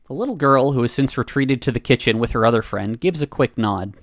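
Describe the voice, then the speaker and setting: A woman's voice: extremely low pitch, animated, brisk. A woman streamer reading a narrative game aloud, giggling and reacting between lines.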